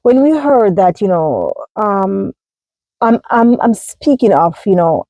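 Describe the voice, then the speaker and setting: A woman's voice: mid-range voice, sing-song, slow, mellow, no room sound, low-quality recording. A Jamaican woman vlogging from inside a car, phone held in her hand, talking emphatically with lots of fillers and repeats. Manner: emphatic, repetitive, many fillers. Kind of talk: casual vlog talk.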